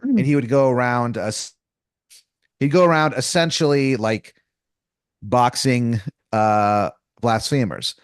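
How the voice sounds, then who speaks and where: A man's voice: medium pitch, slow pace, pauses often, clean tone, no echo, clean studio sound. A man running an improvised comedy story as game master, rambling and casual with lots of fillers, restarts and crude slang.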